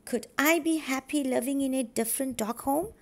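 A woman voicing a sad, gentle young male duck in a storybook reading, speaking softly and wistfully. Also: sits high, moderate pace.

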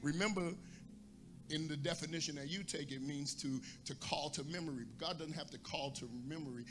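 A man's voice: a little high, fairly even intonation, brisk. A man pastor preaching a sermon, asking the congregation for responses and rising into a sung cadence.

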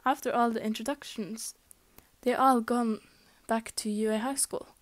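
A woman's voice: fairly high pitch, steady tone, moderate pace. Young woman casually reading a fanfic aloud. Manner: casual, amateur reading with slips and restarts. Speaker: fanfic reader.

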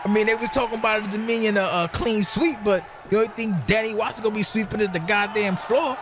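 A man's voice: sits high, steady tone, quick pace, music in the background, crowd noise. A man doing brash color commentary for a video game wrestling show from a commentary booth, hurling profane insults at the wrestlers and laughing at their mistakes.

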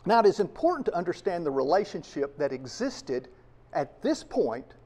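A man's voice: sits high, very animated, moderate pace, darkish tone. A man preaching a sermon to his congregation, emphatic and full of rhetorical questions. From United States. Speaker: pastor.

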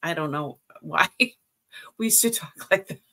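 A woman's voice: sits low, moderate pace, fairly bright tone. A middle-aged woman with a Boston accent hosting a live jewelry sale, chatting casually and a bit scattered, trailing off and greeting viewers by name. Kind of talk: casual live-stream chat.

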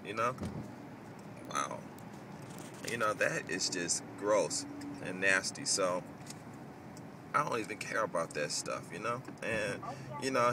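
A man's voice: sits low, background noise. A man ranting casually in a vlog, rambling and cursing as he tells stories. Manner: profane, rambling, animated storytelling. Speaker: vlogger. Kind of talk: casual rant.

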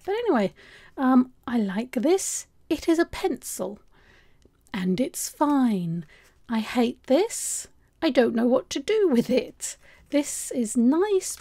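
A woman chatting casually through an art supply unboxing, rambling and restarting her sentences, her voice going a little hoarse. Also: fairly high pitch, warm tone. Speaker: art vlogger.

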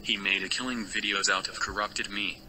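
A man's voice: fairly low pitch, steady tone, normal speed, sharp tone, slight background noise, rough recording. A man giving a scolding, lecturing rant in a recorded video.

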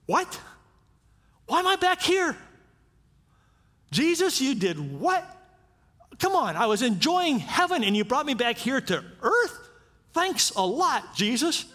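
An indignant, freshly resurrected Lazarus, put on by a preaching man, his voice jumping high as he grumbles with sarcastic disbelief. It rings with the long echo of a church sanctuary. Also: big pitch swings, slow, long pauses, pushed and bright, heavily acted. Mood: incredulous. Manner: incredulous and sarcastic complaining. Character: Lazarus, grown man just raised from the dead, indignant.

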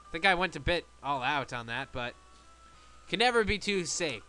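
Guy playing a game and yelling at it, clear smooth voice, faint music behind. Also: fairly high pitch, moderate pace. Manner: excitable, shouts and pleads at the game. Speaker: let's play gamer. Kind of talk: casual game commentary.

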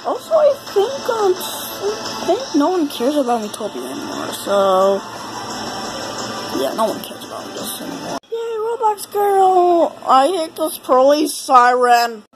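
A woman with a cold giving excitable, rambling commentary over her gameplay, exclaiming often. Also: sits high, unhurried, rough recording. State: has a cold. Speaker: let's play gamer. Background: game music.

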